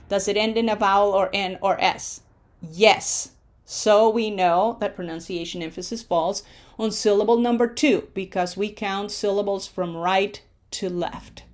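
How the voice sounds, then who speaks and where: A woman teaching a Spanish pronunciation lesson, patiently drilling syllables and checking in with frequent questions. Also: medium pitch.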